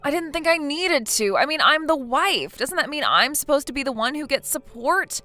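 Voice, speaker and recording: A woman's voice: sits high, animated, moderate pace, bright, forceful tone, dry recording, soft background music. A woman voicing a self-pitying young wife in a text-message story, pleading and defensive.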